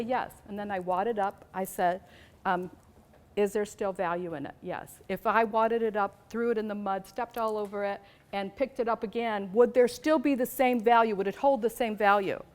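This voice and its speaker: A woman giving an animated storytelling talk to an audience about teaching teenagers, asking questions and rising to emphatic peaks. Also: medium pitch. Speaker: abstinence educator speaking to a church group.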